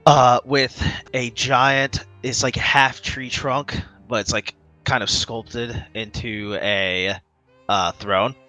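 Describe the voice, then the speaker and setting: A man's voice: medium pitch, level tone, slow pace, pushed and bright, soft background music. A man narrating as game master in a casual, filler-heavy way.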